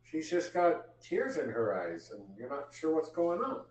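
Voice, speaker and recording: A man's voice: fairly high pitch, wildly swooping pitch, measured pace, distant mic. A man narrating as game master in a live tabletop game, in a loose, filler-heavy way. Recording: roomy, from off the mic.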